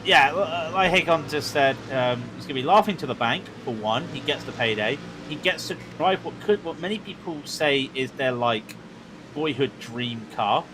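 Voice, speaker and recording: Excitable man calling sim races. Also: mid-range voice, background noise. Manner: chatty, excitable, quick asides. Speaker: sim racing commentator. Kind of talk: live race commentary chat.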